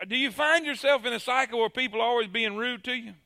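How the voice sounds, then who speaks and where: A man's voice: very high voice, fast, sharp tone. A man preaching a sermon, emphatic and calling on the congregation to answer.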